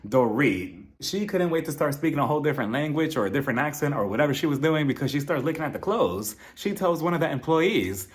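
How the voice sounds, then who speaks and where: A male host runs through a reality show episode in a sassy, sarcastic recap. His pitch sits a touch high and leaps around a great deal. He snaps out dramatic asides between the story beats. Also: lively intonation, fast, hardly any pauses.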